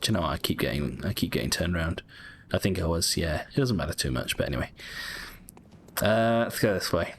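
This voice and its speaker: A British man chats through his gameplay in a relaxed, rambling way, correcting himself as he goes. His voice sits on the low side, with a faint background hum. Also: brisk. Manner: chatty, rambling, self-correcting. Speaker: gaming YouTuber. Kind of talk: casual game commentary.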